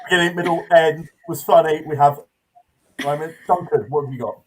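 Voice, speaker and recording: A man's voice: a little high, steady tone, brisk, a little hiss or hum, poor audio. A man hosting an improv comedy game show, hesitant and full of filler sounds as he sets the tasks and hands out points.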